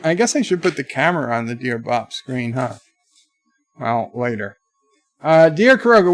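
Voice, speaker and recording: A man hosting a livestream, reading viewer chat comments aloud in a chatty, halting way. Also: mid-range voice. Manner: chatty, halting, with many restarts. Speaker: livestream host.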